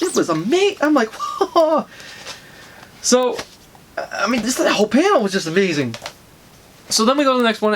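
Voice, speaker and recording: A man casually reviewing a comic, retelling the story in an excited, rambling way with many fillers. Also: high voice, a little hiss or hum.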